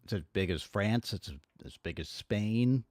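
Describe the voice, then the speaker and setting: A man's voice: on the low side, a little mellow, dry recording. A man streaming at home, reading a historical text aloud and breaking off into exasperated, profane commentary with many fillers and restarts. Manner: exasperated, profane asides between halting read-aloud passages.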